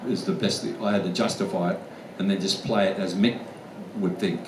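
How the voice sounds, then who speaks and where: An outback Australian man answering Q&A as a guest actor at a convention tells casual, blunt stories full of swearing. His voice sits low, with a steady tone and a fairly quick pace. The recording is distant, echoing through a large convention hall with faint room noise.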